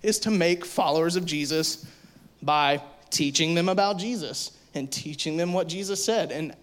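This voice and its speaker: A man preaching to kids in a casual, animated way, filling his talk with "like" and acting out little voices. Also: fairly high pitch, normal speed. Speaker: youth pastor. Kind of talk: youth sermon.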